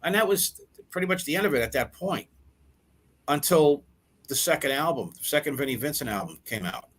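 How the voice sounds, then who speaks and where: Older male musician, interview guest; animated anecdotes, acts out other people's lines, many restarts. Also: on the high side, a little fast, husky. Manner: animated storyteller who acts out quoted dialogue; frequent repeated words and restarts. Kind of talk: storytelling in a casual interview.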